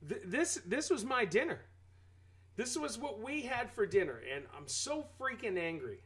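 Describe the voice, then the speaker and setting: A man streaming live, chatting with his viewers in an animated, exclaiming ranting manner. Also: extremely high pitch, moderate pace, poor audio. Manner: animated, exclaiming rant to chat. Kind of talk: casual live-stream chat.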